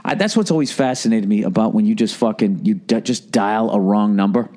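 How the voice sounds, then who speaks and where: A man's voice: fairly low pitch, brisk, dark tone. A man in his late forties hosting a podcast, riffing in a profane, sarcastic comedic monologue and slipping into mock voices. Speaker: podcast host.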